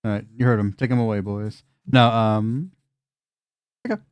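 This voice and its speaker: A man's voice: on the low side, fairly even intonation, normal speed, clear, resonant tone, no room sound. A man narrating as game master of a tabletop game, loose and laughing, swearing casually.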